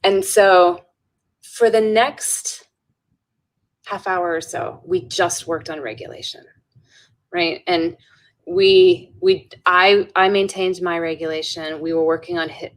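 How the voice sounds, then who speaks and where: Woman on a podcast telling a story, lowish voice, earnest, keeps saying right?. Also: steady tone, slow. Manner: earnest, with frequent restarts and "right?" tags. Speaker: podcast guest, educator. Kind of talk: storytelling in a conversational interview.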